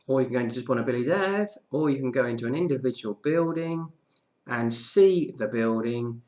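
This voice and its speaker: A man's voice: mid-range voice, fairly quick, a little mellow. A man presenting a casual daily property market news update, chatty, with frequent "okay"s and restarts.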